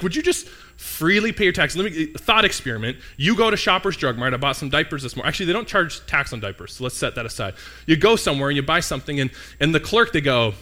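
A young pastor with a slightly high, pushed, bright voice gives a casual, conversational sermon. He puts questions to the congregation and jokes with his listeners.

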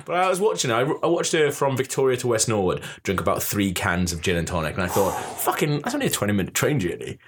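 A man's voice: fairly low pitch, fast, hardly any pauses, background noise. A young man, a podcast host telling a story in casual chat and acting out the quotes. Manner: animated, swearing, acts out quotes.

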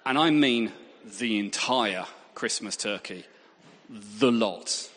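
A man's voice: lowish voice, slow pace, a bit bright. A man preaching a sermon. He mixes in anecdotes and self-deprecating humour. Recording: long hall reverb.

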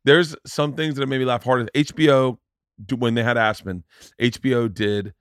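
A man's voice: mid-range voice, steady tone, moderate pace, smooth, dry recording, studio quality. A man hosting a podcast in casual chat, rambling through stories and acting out sketches in funny voices. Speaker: podcast host.

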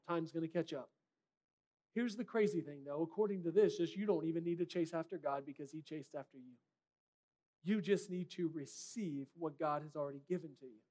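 A man's voice: high voice, mellow. A man preaching a sermon as a pastor, in a direct, conversational way with rhetorical questions.

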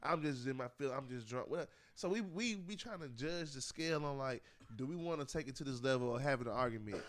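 A man's voice: medium pitch, animated. A man in casual group chat, brash and profane. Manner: brash, profane, fast-talking.

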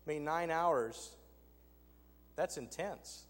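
A pastor delivers a sermon in a conversational, emphatic style, tossing rhetorical asides to his congregation. His voice is fairly high and slow. A long hall reverb surrounds the recording.

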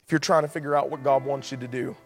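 A male pastor preaching an impassioned sermon in a church sanctuary, building to loud appeals. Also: medium pitch, steady tone, quick pace, gravelly. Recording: long hall reverb, faint music.

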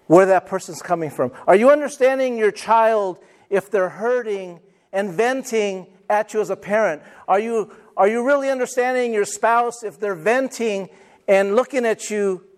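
A middle-aged male pastor preaching a sermon, emphatic, repeating key phrases and calling for amens from the congregation. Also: high voice.

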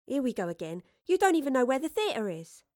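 A woman's voice: high-pitched, big pitch swings, brisk, darkish tone, no room sound, clean studio sound, pitched above the performer's own voice. A woman voicing a feisty, streetwise young girl with a blunt, defiant way of talking. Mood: impatient.

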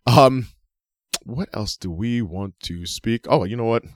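A man's voice: medium pitch, unhurried, dry recording, clean studio sound. A man co-hosting a wrestling podcast in casual chat, ranting and swearing with lots of laughter. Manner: animated, swearing, laughing ranter. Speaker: podcast co-host.

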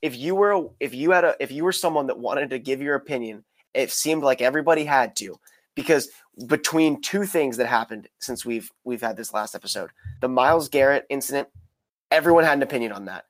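A man in the host's seat of a casual sports chat, his voice sitting at an ordinary middle pitch. He rambles, doubles back and restarts his sentences as he builds his point. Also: brisk, no room sound. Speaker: podcast host.

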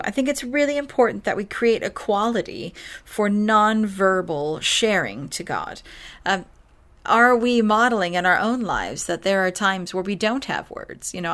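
A woman speaks to parents in an earnest, conversational way, like a podcast host sharing advice. She sounds tired from lack of sleep. Her voice sits in a middle pitch. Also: fairly bright tone. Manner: earnest, conversational, yawning at times. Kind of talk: casual faith-based parenting talk.

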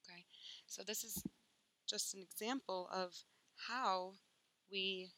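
Bright-voiced woman teaching spirituality. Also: mid-range voice, fairly even intonation, slow pace, no echo, poor audio. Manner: emphatic, swears casually, acts out inner voices.

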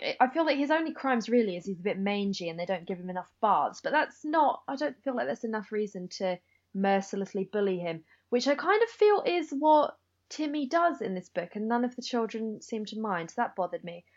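Woman, podcast co-host, animated swooping voice, emphatic, muffled lo-fi recording. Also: medium pitch, normal speed. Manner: emphatic, indignant commentary. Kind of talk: casual chat.

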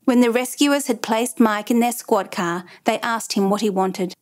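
A woman giving measured, dramatic scripted narration of a true crime story. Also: on the high side, darkish tone.

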